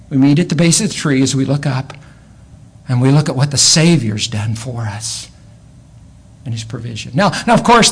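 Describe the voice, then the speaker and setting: A man preaching a sermon, animated, swinging between loud exclamations and quiet asides and often repeating words as he goes. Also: on the high side, breathy edge.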